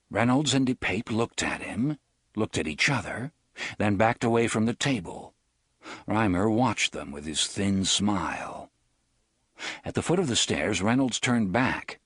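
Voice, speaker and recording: A man narrating an audiobook in a steady, measured storytelling voice. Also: lowish voice, husky, no echo, clean studio sound. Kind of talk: scripted narration.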